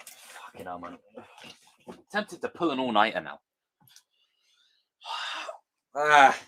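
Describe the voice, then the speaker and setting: A man's voice: lowish voice, pushed and bright. A man hosting a live stream, chatting casually, reading viewer comments and swearing as he banters. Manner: banters and swears, quotes films mockingly. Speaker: livestream host.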